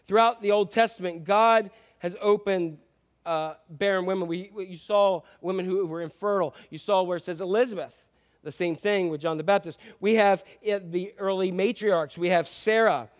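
A man's voice: high voice, normal speed. A middle-aged man, a pastor, preaching a sermon in a conversational way with asides and restarts.

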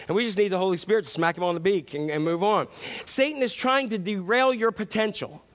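A man with a notably high speaking voice delivers a sermon as pastor. He tells stories along the way and acts out the quoted lines. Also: brisk, fairly bright tone. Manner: storytelling with acted-out quotes.

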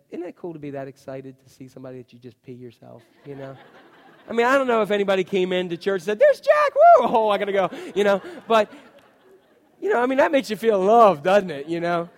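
A man preaching a chatty, animated sermon as a pastor, full of asides and "you know". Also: on the high side, fast. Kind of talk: conversational sermon. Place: church. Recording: long reverb of a church hall.

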